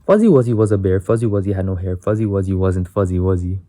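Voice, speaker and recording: A young man talks to camera in a loose, chatty vlog. His voice sits a little low and sounds mellow and warm. He rattles off tongue twisters, slips, and restarts without fuss. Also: quick pace. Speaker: vlogger. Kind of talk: casual self-recorded practice vlog.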